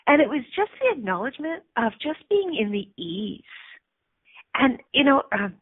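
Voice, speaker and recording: A woman's voice: sits high, very animated, normal speed, slightly rough, no echo. A middle-aged woman hosting a radio talk show, telling a personal story in a candid, chatty way, teary at times. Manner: candid, chatty, emotional, frequent fillers. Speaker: radio show host and coach. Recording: tinny phone line.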